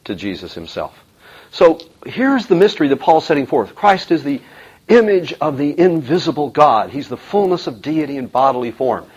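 Man, Bible teacher, husky, lively pitch, emphatic, filler words, muffled lo-fi recording. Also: moderate pace. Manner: animated, emphatic, with frequent fillers. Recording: dull lo-fi recording.

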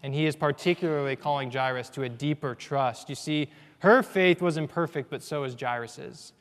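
A man preaching a sermon, earnest, moving between hushed low passages and loud emphatic ones. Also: normal speed. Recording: long reverb of a large hall.

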